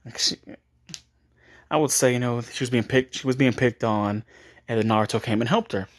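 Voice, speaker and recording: A man's voice: medium pitch, steady tone, normal speed. A man casually making up and retelling a story, rambling with frequent restarts and chuckles.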